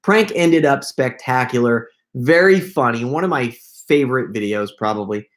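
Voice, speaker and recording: A middle-aged man hosting a casual live Q&A, telling stories in an excitable, rambling way full of quick asides. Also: mid-range voice. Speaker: prank video creator hosting a live Q&A. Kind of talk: casual livestream chat.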